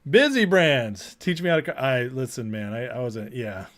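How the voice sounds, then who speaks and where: A man hosting a casual livestream, greeting viewers by name and talking through the news with energetic asides. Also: mid-range voice. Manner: energetic, shouting out chat names, rapid asides. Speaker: political commentary livestream host.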